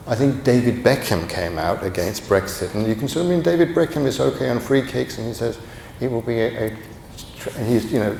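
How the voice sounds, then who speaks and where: A man's voice: fairly low pitch, vocal fry, darkish tone. A man giving a conference talk as a guest professor, conversational and digressive, with humorous asides. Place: large conference hall. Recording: echoey hall, faint background noise.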